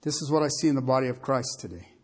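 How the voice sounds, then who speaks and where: A preacher delivering a sermon in an animated, folksy way, firing off rhetorical questions to the congregation. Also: mid-range voice, fast talker.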